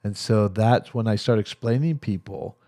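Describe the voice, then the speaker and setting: A man with a low, warm and mellow voice talks as a therapist guest in a podcast interview. He tells his stories with energy and slips into the voices of the people he quotes. The sound is close and dry, with no room echo. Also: moderate pace. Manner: animated storyteller acting out quoted voices. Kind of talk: storytelling interview talk.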